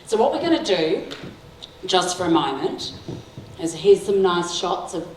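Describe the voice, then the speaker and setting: A woman's voice: lowish voice, very animated, measured pace, slight background noise. Woman, middle-aged, talk to parents, chatty storytelling, frequent laughs, echoey hall, faint room ambience. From Sri Lanka. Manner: warm storytelling, laughs often, asks the audience "right?". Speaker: guest speaker. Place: school hall. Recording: echoey hall, mic heard from a distance.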